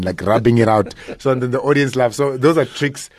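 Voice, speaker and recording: A man, a stand-up comedian talking casually in a radio interview, animated and often laughing. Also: mid-range voice, fast talker, few pauses, no room sound, clean studio sound. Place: radio studio.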